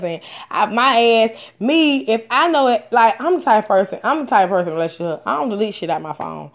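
Speaking a little fast with hardly any pauses, a frank, profane woman shares her own experience as candid storytelling. Her delivery is animated, packed with fillers and restarts, and marked by sudden rises in pitch and volume.

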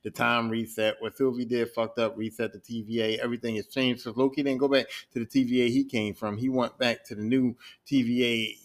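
A man's voice: medium pitch, little pitch movement, fairly quick, hardly any pauses. A man hosting a podcast, recapping a show in a rambling, profane, casual way. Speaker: podcast host.

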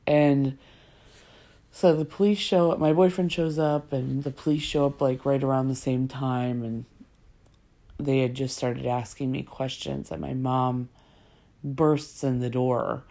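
A woman's voice: very deep voice, fairly even intonation, a little slow, dark tone. A woman casually telling a personal story in a chatty, rambling way, full of fillers.

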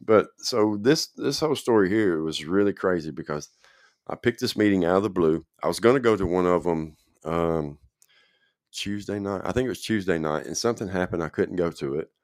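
A man's voice: deep voice, expressive, normal speed, no room sound, studio quality. A man telling his own recovery story in a casual, rambling way, often checking in with the listener.

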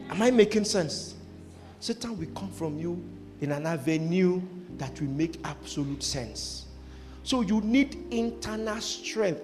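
A man preaching a sermon as pastor, repeating phrases and asking the congregation to finish his sentences. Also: sits high.

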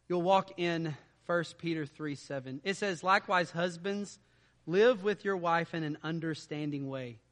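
A man preaching a sermon in a conversational way, dropping to quiet asides and rising to loud emphatic stretches. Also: high-pitched, big-room sound. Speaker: pastor.

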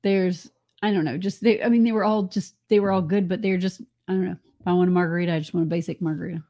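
A woman speaks in a lowish voice with a gravelly edge and a mellow tone. She chats frankly and opinionatedly as a podcast co-host, teasing her partner along the way. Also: fairly even intonation, fast. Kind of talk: casual chat.

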